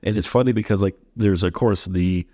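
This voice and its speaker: A man's voice: low-pitched, brisk, darkish tone, dry recording, studio quality. A man in his thirties hosting a podcast, talking earnestly and telling anecdotes, often restarting his sentences. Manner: earnest, repeats words when starting, tells anecdotes. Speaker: podcast host. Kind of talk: casual conversation.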